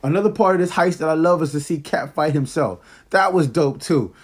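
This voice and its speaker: A man with a fairly high voice, talking fast and excitedly in a casual movie review. He retells scenes in loose, slangy speech.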